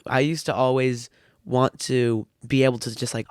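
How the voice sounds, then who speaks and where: A thirteen-year-old boy talks as a podcast guest, rambling through his thoughts with a dry, teasing wit. His voice sits at a middling pitch for a male speaker. The recording is close and dry, with no room sound. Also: steady tone, moderate pace, clean tone, no echo. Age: teens. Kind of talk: casual chat.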